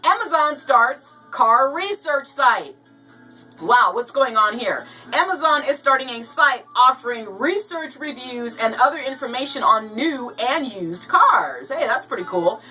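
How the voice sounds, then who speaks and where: A woman giving casual, animated commentary on news stories, with jokey asides. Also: high voice, unhurried, recorded from a distance, low-quality recording. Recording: voice a bit off-mic, with light music behind.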